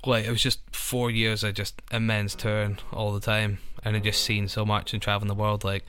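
A man's voice: fairly low pitch, monotone, a little fast, a bit bright. A young Scottish man, a touring musician, chatting casually on a podcast, rambling with lots of "like" fillers. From Scotland. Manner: rambling, full of "like" fillers, self-described anxious.

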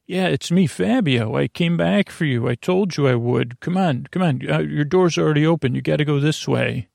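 A man voicing an eager young male rescuer who talks in a hurried, urgent way. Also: on the high side, creaky, darkish tone, dry recording, clean studio sound, voice pushed up.

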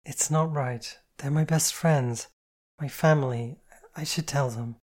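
An audiobook reader voicing a shy, polite young woman who speaks softly and apologetically, in a storybook reading. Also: medium pitch, measured pace, natural voice. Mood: earnest. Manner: soft-spoken and apologetic.

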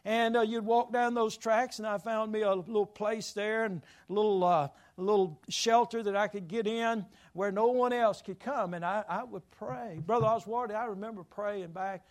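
High-voiced preacher telling stories. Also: male voice, fairly even intonation, moderate pace, hardly any pauses. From Louisiana. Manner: folksy, rambling storytelling with self-deprecating humor. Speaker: pastor. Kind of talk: sermon told as a personal story.

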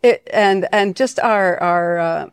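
A woman's voice: lowish voice, slow, clean tone, dry recording, clean studio sound. A middle-aged woman from Connecticut, guest in an interview, telling her story with many fillers and restarts. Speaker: foundation leader, guest. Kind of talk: conversational interview. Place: venue hall.

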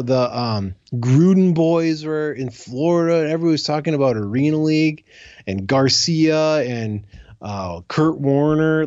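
A man's voice: a little high, no room sound, muffled recording. A man co-hosting a casual podcast, joking and ranting about sports. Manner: animated, jokey rants. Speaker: podcast co-host. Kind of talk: casual chat.

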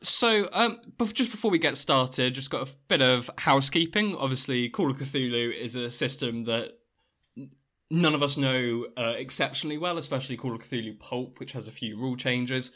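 A man's voice: medium pitch, normal speed, sharp tone. A man hosting a tabletop game podcast as game master, chatty with stumbling restarts. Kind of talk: podcast introduction and housekeeping.

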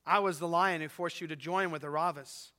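Aslan, as a preacher puts him on. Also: male voice, fairly high pitch, fairly even intonation, fairly quick, pushed and bright, long reverb tail. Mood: solemn. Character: vast solemn male lion, gentle and commanding.

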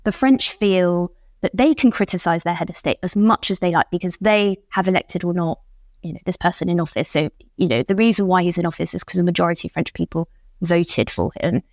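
A woman's voice: fairly low pitch, fairly quick, a little mellow, no room sound, studio quality. A woman, a think tank policy expert, talking in a podcast conversation. She explains at length and acts out quoted speakers as she goes.

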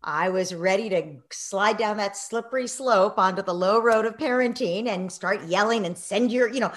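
A middle-aged woman telling a story in a conversation, acting out quoted voices and sinking to a soft near-whisper in reflective moments. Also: mid-range voice, moderate pace, few pauses. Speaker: guest, parenting author.

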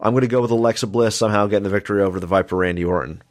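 A man with a somewhat low voice hosts a casual wrestling podcast. He runs through match predictions like an announcer and speaks straight to his listeners. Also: rapid-fire. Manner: announcer-like, addressing listeners as folks. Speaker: podcast host.

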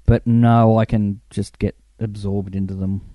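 A middle-aged man spins animated anecdotes, acting out the people he quotes. His voice sits mellow and dark, and the recording is dry and close. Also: fairly low pitch, measured pace, no echo. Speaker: film crew member, guest. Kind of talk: casual interview storytelling.

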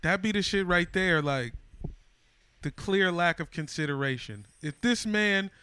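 A man's voice: high-pitched, animated, measured pace, bright, forceful tone, smooth. A man chatting casually on a podcast in laid-back, slangy speech. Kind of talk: casual chat.

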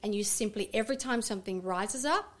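A middle-aged woman, a naturopath and guest on an interview show, telling stories in an animated way and acting out her family's voices. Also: medium pitch, a little fast. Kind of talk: casual interview chat.

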